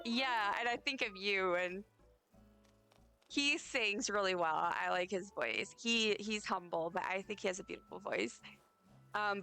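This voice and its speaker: A woman streamer with a hoarse, partly lost voice, chatting casually and rambling to her chat while she plays. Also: medium pitch, bright, forceful tone.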